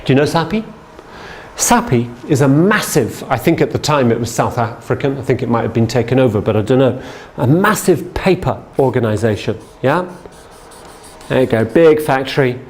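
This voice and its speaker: Man telling a training story. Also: medium pitch. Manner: chatty, keeps checking in with "yeah?". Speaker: sales trainer. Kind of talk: storytelling lesson.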